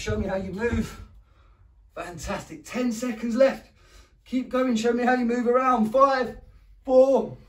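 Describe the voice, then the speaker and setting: An English-accented primary school PE teacher leads a home PE session for small children, encouraging them, counting down and handing out frequent praise. He roars, squeaks and does animal noises. The recording is echoey, with the mic set far away.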